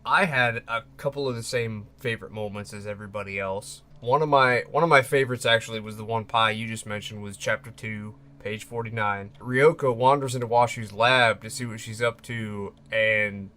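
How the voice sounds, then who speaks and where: A man's voice: on the low side, fairly even intonation, normal speed, few pauses, sharp tone. A man co-hosting a casual podcast discussion, talking in a loose, conversational way. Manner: loose and conversational, many fillers like "like". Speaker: podcast co-host.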